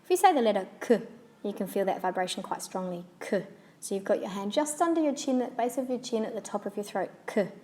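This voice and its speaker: A woman's voice: mid-range voice, lively intonation, fast talker, dark tone. A woman whose first language is English teaching French pronunciation, patiently repeating example words and demonstrating sounds. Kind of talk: instructional lesson.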